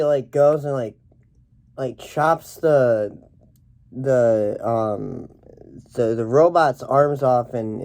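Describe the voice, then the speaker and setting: A young man rambling through a deadpan parody movie review, full of halting restarts and fillers. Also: medium pitch. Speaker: comedic reviewer.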